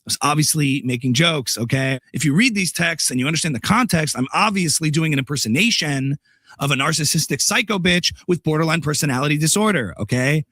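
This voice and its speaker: A smug female pundit brushes everything off as a joke, giggling and mocking in a lively sing-song, as a man puts her on for a comedy sketch. The voice sits fairly high and bright. The sound is dry and close. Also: brisk, no echo. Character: sarcastic female political pundit, smug and defensive.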